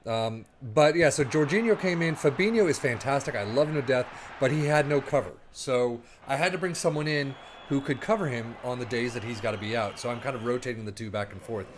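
A man casually commenting on his own football management game as he plays, thinking aloud and breaking into quick play-by-play. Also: mid-range voice, slight background noise. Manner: chatty, rambling, thinks aloud, bursts into play-by-play. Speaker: gaming YouTuber.

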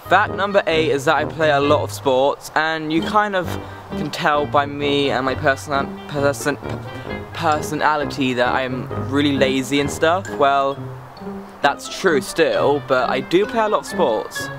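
A man's voice: fairly high pitch, a little slow, music in the background. A teenage boy from England, chatting to camera outdoors in a sarcastic, rambling, easily distracted way. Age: teens. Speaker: vlogger. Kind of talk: casual chat to camera.

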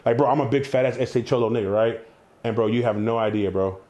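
A young man telling wild stories in a casual interview, animated, slangy and full of swearing. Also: medium pitch, fast, muffled recording. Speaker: interview guest, entrepreneur.

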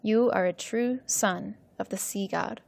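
A woman giving voice to a calm sea god, fatherly and solemn, in a storybook reading. The lines come out measured and even. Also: mid-range voice, gravelly.

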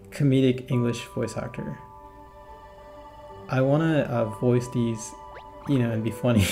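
A man's voice: mid-range voice, steady tone, slow, vocal fry, pauses often, dark tone. A man giving casual, rambling let's-play commentary as a gaming channel host, chatting and laughing at his own jokes. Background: game music.

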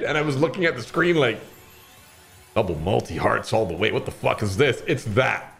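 A young man from Barbados streaming slots, rambling casually with lots of swearing and sudden shouted bursts. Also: medium pitch, animated, moderate pace, creaky, soft background music.

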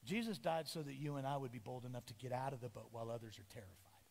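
A middle-aged male pastor preaching a sermon, lively and storytelling, acting out the voices of the people in his story. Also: mid-range voice, fast, creaky, big-room sound. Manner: animated, acts out voices of biblical figures. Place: church sanctuary.

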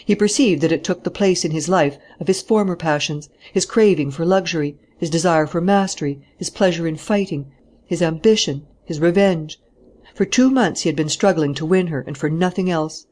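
An audiobook narrator reads in a calm, steady storytelling manner. The voice sits at a middle pitch. The delivery stays even throughout. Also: normal speed. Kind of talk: scripted narration.

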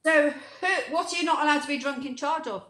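A playful woman co-hosting a casual chat, her fairly high voice bouncing around a roomy space. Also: a bit bright. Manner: playful, quick to laugh. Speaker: co-host.

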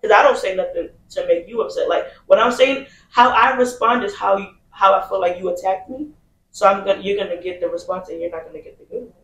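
A man on a casual podcast, quietly reflecting on how he holds things in and admitting his faults. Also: high-pitched, fast, echoey room, far from the mic, slight background noise, poor audio.

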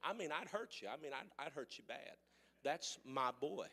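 A man with a Missouri accent preaches in a high, very bright voice, talking in folksy country speech. He moves between hushed storytelling and loud, shouted preaching. His voice rings with the long reverb of a church sanctuary. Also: lively intonation, moderate pace, husky. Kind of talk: sermon.

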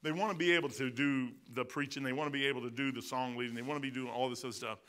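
A man in his sixties with a Midwestern American accent, preaching a sermon as pastor, telling stories with swings from loud outbursts to quiet asides. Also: medium pitch, steady tone, rapid-fire. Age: 60s.

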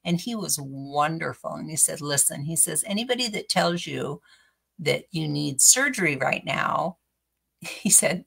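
Middle-aged woman crafting and rambling on, gravelly husky voice, a bit low. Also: animated, normal speed, a bit bright. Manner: chatty, rambling storyteller who laughs often. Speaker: crafting channel host. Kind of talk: casual chat while crafting.

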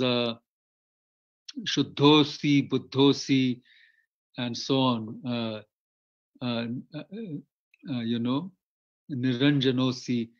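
A man's voice: medium pitch, fairly bright tone. A man with an Indian English accent giving a storytelling lecture in a rambling way, with many fillers and restarts. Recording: muffled lo-fi audio.

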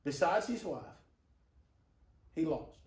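High-voiced preacher in an echoing church. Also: male voice, expressive, slow pace, recorded from a distance. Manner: rhetorical questions to the congregation. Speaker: pastor. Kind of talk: sermon. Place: church sanctuary.

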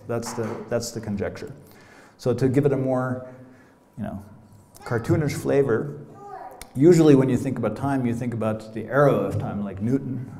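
A man's voice: medium pitch, mellow. Conversational American man lecturing in a roomy hall. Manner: conversational, many "you know" asides, playful. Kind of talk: academic lecture.

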